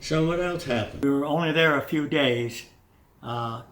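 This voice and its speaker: An older man telling his memories in an oral history interview, halting with many fillers and restarts, chuckling now and then. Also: fairly high pitch, fairly bright tone. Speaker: veteran interviewee. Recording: echoey room, distant mic, faint noise.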